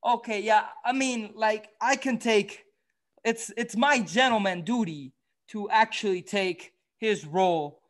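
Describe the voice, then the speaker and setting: A vain, gallant young gentleman from the past, played by a man hosting a comic school-show skit. He talks in a pompous, self-admiring way, in a high voice and at an unhurried pace. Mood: mock-gallant. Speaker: show host.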